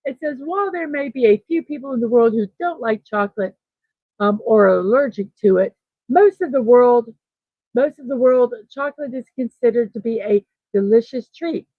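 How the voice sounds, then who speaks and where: A middle-aged woman hosting a casual morning livestream, thinking aloud and reading out chat messages with soft laughs. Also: a little high, normal speed, no echo, phone-quality sound. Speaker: host of a daily morning livestream.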